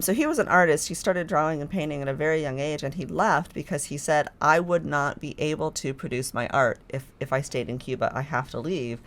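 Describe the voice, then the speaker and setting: A woman guest on a podcast, talking in a chatty, enthusiastic way with many fillers. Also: low-pitched. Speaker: podcast guest, filmmaker staff. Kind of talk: casual chat.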